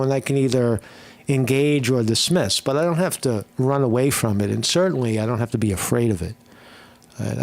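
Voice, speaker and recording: Male livestream host, gravelly edge, mid-pitched, loose rambling delivery with frequent restarts. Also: a little mellow. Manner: rambling, frequent fillers and restarts, blunt profanity. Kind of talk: casual opinion livestream.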